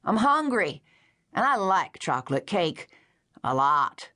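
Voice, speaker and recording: A woman's voice: on the low side, big pitch swings, slow pace, bright, forceful tone, heavily acted. A woman narrator voicing a wet, hungry grown man with a childlike, plaintive manner and a Missouri backwoods drawl, in an audiobook. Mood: pleading. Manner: drawling, simple, pleading. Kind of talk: audiobook character voice.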